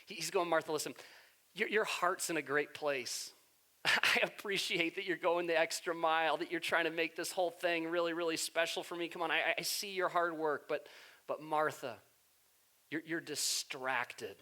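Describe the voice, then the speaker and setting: A man voicing a calm, gentle male teacher in a sermon retelling, speaking slowly and soothingly. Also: on the high side, natural voice. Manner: slow, soothing.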